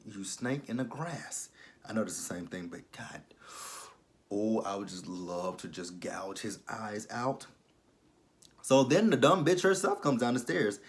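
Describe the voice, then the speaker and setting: Low-voiced man, thirties, animated casual episode reviewer. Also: moderate pace. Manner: animated, talks back at characters, swears. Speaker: YouTube TV recap host.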